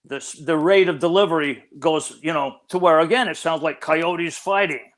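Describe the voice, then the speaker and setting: An older man answers interview questions in an earnest, explanatory way with a somewhat academic tone. His voice sits a bit higher than most men's and comes through remote call audio. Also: moderate pace, a bit bright. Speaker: guest expert.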